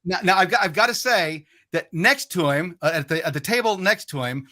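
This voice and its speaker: A man tells a story as a podcast guest, his voice pitched high with a sharp, bright edge. He rambles loosely, swears freely and trips over his own restarts as he goes. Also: lively intonation, a little fast. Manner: rambling, profane, frequent restarts. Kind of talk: casual storytelling.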